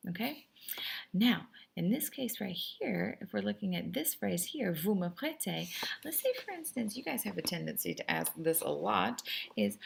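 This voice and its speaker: Hoarse, gravelly woman teaching French. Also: lowish voice, expressive. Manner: chatty, teasing, slows down to model French phrases. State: going a little hoarse. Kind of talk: classroom lesson recorded for students.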